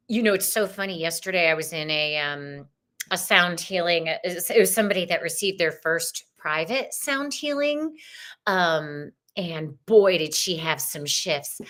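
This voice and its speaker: A woman's voice: medium pitch, animated, moderate pace, a bit bright. A woman hosting a live-stream tarot and astrology show, chatting casually and bubbly, greeting viewers by name.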